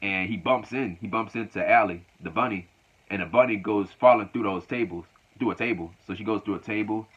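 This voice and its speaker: A man's voice: on the low side, brisk, fairly bright tone, slightly rough. A man casually recapping a show, rambling, repeating his words and often laughing. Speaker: wrestling show reviewer. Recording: lo-fi dull recording.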